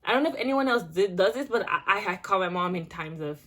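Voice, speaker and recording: A woman's voice: mid-range voice, fast. Chatty young woman telling a story. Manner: chatty, animated, many restarts and filler words. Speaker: vlogger. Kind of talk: casual storytime.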